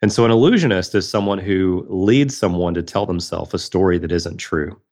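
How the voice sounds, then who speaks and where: A man's voice: sits low, moderate pace, darkish tone. A man guest on a podcast interview, telling a personal story in an earnest, reflective way. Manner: earnest, reflective, with frequent restarts. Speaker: guest, magician and speaker.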